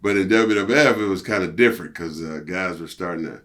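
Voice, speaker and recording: A middle-aged man with a low-set voice recounts his past in a relaxed interview. He tells it loosely and profanely, tossing in "you know" and "see", and leaps up in pitch when he acts out his own outbursts. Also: fairly quick. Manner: animated storyteller, jumps high for quoted outbursts. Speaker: interview guest, former pro wrestler. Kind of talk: casual storytelling interview.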